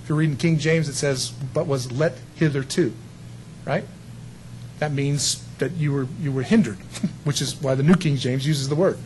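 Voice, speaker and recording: A man's voice: medium pitch, normal speed, darkish tone, slight background noise, rough recording. A male pastor giving a conversational sermon, acting out quotes of the people he talks about. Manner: conversational preaching with acted-out quotes.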